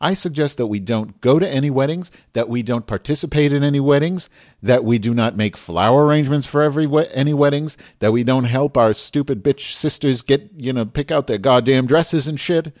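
In a clean, dry studio recording, a man with a mid-range, slightly mellow voice talks briskly as a podcast host. He launches into a heated, emphatic, profane rant before easing into casual show chat.

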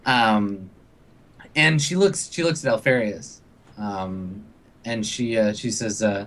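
A man narrating as game master in a tabletop role-playing game, halting often with ums and uhs. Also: fairly low pitch, fairly bright tone.

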